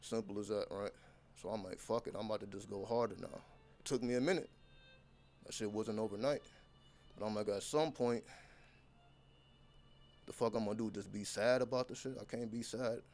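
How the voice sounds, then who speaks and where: A man's voice: on the low side, fairly even intonation, normal speed, pauses often, a little mellow, soft background music. A man talking straight to his viewers as a content creator, delivering an unscripted motivational monologue that is blunt, intense and heavily profane.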